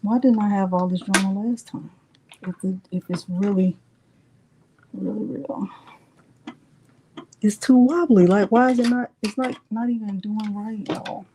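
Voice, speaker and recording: A woman's voice: mid-range voice, fairly even intonation, normal speed, mellow, a little hiss or hum. A middle-aged woman hosting a crafting livestream, chatting casually with viewers, teasing herself and muttering as she works. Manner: chatty, addresses viewers as y'all, self-teasing; muttering to herself while working. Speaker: crafting channel host.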